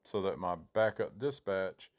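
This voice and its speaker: Male gaming host, lowish voice; casual self-interrupting commentary over gameplay. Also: animated, a little slow. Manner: rambling, self-interrupting, reenacts his own panicked thoughts. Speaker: gaming YouTuber.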